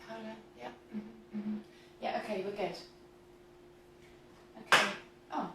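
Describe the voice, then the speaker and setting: Slow and fairly even in intonation, this medium-pitched woman in her thirties bakes on a casual home livestream, chatting, giggling and reading viewer comments out loud. Her kitchen sounds roomy through a distant camera mic, with background noise.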